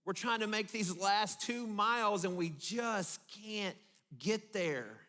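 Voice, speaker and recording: A man preaching a sermon as pastor, telling the story vividly with dramatic pauses and dropping low for emphasis. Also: pushed and bright. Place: church.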